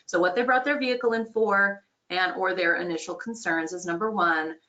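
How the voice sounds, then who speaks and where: Bright-voiced woman sales trainer. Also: fairly low pitch, moderate pace, muffled recording. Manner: upbeat, explanatory, conversational. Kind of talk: online training course.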